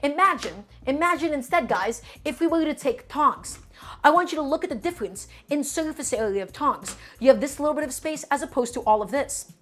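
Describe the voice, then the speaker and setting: A woman's voice: sits high, lively intonation, brisk, a bit bright. A woman streaming a cooking demonstration, explaining technique emphatically and repeating her points to viewers.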